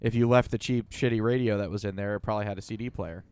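A man's voice: on the low side, steady tone, fast talker, darkish tone, clear, resonant tone, no echo. A man co-hosting a podcast, giving blunt, dry, annoyed retorts in casual chat. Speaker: podcast co-host.

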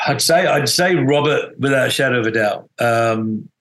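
A man's voice: medium pitch, normal speed, a bit bright, poor audio. A middle-aged man, a guest musician in a casual interview, telling rambling stories full of restarts and acted-out quotes. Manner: rambling storyteller, many restarts, acts out quotes.

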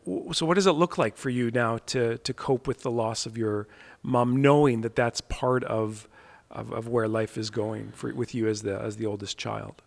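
A man interviewing a guest, speaking in a reflective, halting way with frequent restarts. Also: medium pitch, steady tone, creaky, in a large hall. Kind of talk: conversational interview.

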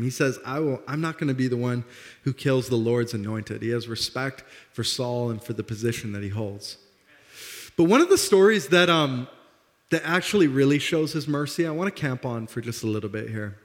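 A young man preaching a sermon as pastor, with a slight lisp, animated and self-deprecating, acting out the dialogue. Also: medium pitch. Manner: animated, laughs at himself, acts out dialogue. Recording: long hall reverb.

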